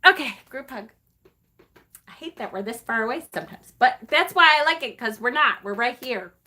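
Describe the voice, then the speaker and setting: Her voice sits on the high side, bright and forceful, with lively intonation and a moderate pace. A middle-aged woman hosting a casual live stream, she chats affectionately, using many fillers and emotional asides.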